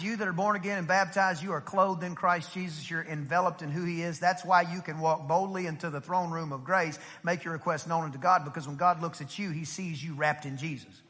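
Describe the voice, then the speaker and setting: This is a middle-aged man preaching in a church sanctuary. His voice sits very high and rings bright and forceful. He keeps checking in with the congregation and acts out little voices, and a long hall reverb trails every phrase. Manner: animated preaching with rhetorical questions and acted-out voices. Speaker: pastor. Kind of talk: sermon.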